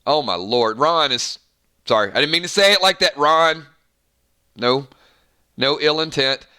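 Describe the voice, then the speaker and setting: Game host from the Southern US, hyper and rambling, bright pushy voice, fairly high. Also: male voice, clear, resonant tone. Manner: hyper, rambling, quick asides. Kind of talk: live game stream commentary.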